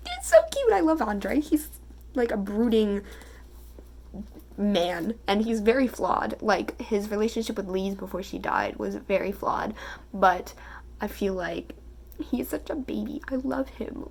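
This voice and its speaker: Gushing young woman with vocal fry. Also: on the high side, a little mellow, slight background noise. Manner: chatty and gushing, with filler words and giggles. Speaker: book vlogger. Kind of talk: casual reading vlog, reading passages aloud.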